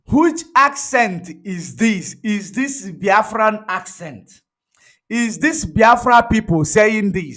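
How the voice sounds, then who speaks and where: High, bright-voiced man lecturing. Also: slow pace. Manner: emphatic, repetitive, lecturing. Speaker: online commentator. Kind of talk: livestream commentary.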